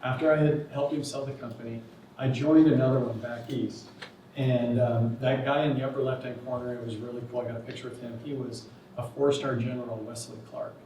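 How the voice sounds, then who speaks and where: A man giving a lecture, telling a relaxed personal story with many ums and pauses. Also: medium pitch, slight background noise. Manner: relaxed, anecdotal, with many fillers. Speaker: guest lecturer. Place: large lecture hall. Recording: echoey lecture hall, distant mic.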